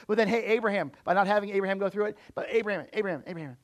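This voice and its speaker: A man's voice: sits high, steady tone, very fast, few pauses. A man preaching a sermon, emphatic and often repeating words as he builds a point. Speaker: pastor.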